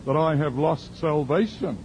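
A man's voice: a little high, measured pace, darkish tone, dull audio, slight background noise. A man voicing an anxious middle-aged woman from a church group, hesitant and troubled as she confesses.

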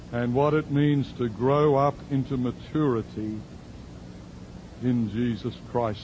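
A man's voice: medium pitch, noisy background. A male pastor preaching a sermon as a story, with dry, sarcastic asides.

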